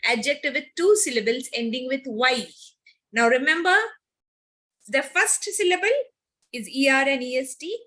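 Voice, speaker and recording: A woman teacher, teaching a grammar lesson to children online. She repeats key words and slows down on examples. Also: high-pitched, sharp tone.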